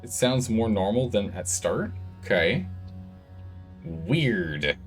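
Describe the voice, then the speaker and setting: Lively chatty male game streamer. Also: lowish voice, takes it slowly, faint music behind. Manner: chatty, distracted while fixing audio levels. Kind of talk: casual live-stream chat. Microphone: studio microphone with gain control.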